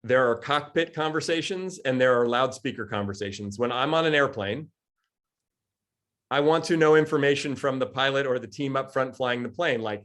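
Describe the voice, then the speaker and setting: A man in his forties giving a lively coaching talk to a group, answering questions and acting out little quoted exchanges. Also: medium pitch, a little fast. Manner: lively, acts out quoted voices, laughs often. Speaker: coach and speaker.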